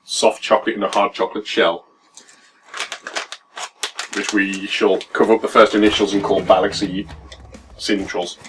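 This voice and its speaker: A man's voice: lowish voice, little pitch movement, moderate pace, pauses often, noisy background. A young man co-hosting a let's play, chatting casually and explaining game mechanics at length. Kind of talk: casual gameplay commentary. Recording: distant mic with game music behind.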